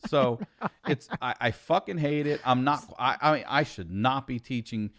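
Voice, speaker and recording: A man's voice: mid-range voice, measured pace, fairly bright tone. A man and comedian chatting on a podcast, telling stories animatedly, swearing freely and acting out quotes. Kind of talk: casual podcast chat.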